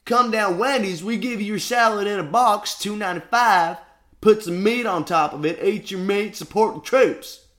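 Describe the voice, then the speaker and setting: A man putting on a brash young woman from a fast-food advert, with a Southern American accent. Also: a bit bright. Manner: brash salesy pitch.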